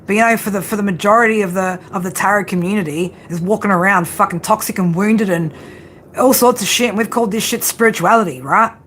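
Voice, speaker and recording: A woman giving a tarot reading, blunt and profane, often tagging her points with a quick "right?". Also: mid-range voice, a bit bright, slight background noise. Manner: frank tough-love delivery. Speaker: tarot reader.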